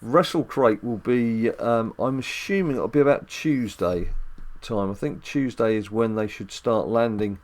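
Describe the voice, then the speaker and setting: A man who hosts a dad gaming channel does a casual mobile game let's-play at home, chatty and rambling with jokes and filler ums. His medium-pitched voice is a little mellow and unhurried, with hardly any pauses.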